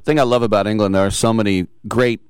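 A man's voice: lowish voice, steady tone, fast talker, darkish tone, smooth, no echo. A man interviewing a guest, asking rambling and curious questions. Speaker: interviewer, host. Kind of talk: interview conversation.

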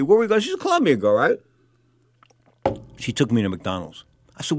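A man's voice: fairly high pitch, fast, dry recording, clean studio sound. A man hosting a boxing talk show in a rambling, blunt, casual monologue. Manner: animated, digressive, blunt.

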